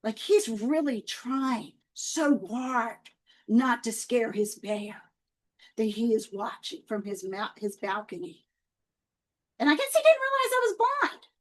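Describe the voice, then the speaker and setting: A woman talking casually to her viewers, telling faith stories in a chatty, lively way. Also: on the high side, takes it slowly, low-quality recording. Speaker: Christian author and video host.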